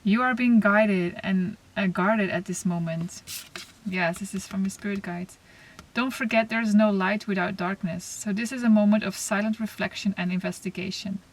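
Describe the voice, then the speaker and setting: A woman giving a spiritual oracle card reading to camera, talking softly and reflectively, with pauses and restarts. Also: mid-range voice, fairly even intonation. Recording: slightly distant mic, faint noise.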